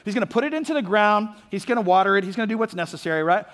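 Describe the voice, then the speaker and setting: A man's voice: sits high, expressive, very fast, fairly bright tone, big-room sound. A man from Orlando preaching a sermon as a pastor, talking conversationally with fillers and frequent "right?" check-ins. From Orlando, Florida, USA. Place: church sanctuary.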